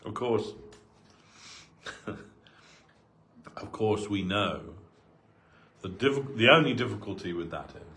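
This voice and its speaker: Guy giving a sermon like a casual chat, lower voice, lots of "you know"s. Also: lively intonation, slow pace, long pauses, bright, forceful tone. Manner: conversational, full of asides, acts out quoted voices. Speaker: devotee giving a talk. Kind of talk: sermon told as personal anecdotes. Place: temple hall.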